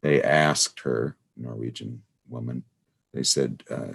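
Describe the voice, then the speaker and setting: A man with an extremely deep, gravelly voice and a husky edge leads a study group over a video call. He lectures casually and drifts through anecdotes, filling gaps with "you know" and "uh". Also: fairly even intonation, slow, a bit bright. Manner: meandering, full of "you know" and "uh".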